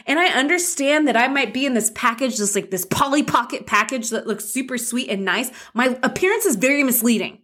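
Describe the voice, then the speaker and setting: A woman's voice: sits high, animated, a little fast, few pauses, fairly bright tone. Indignant, profane woman telling a story. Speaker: podcast co-host. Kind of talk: casual podcast chat.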